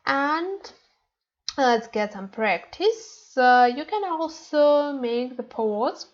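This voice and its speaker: A woman's voice: high-pitched, expressive, drawn-out words, dull audio. A woman teaching a Korean language lesson online, speaking hesitantly with many fillers and repeating words for practice.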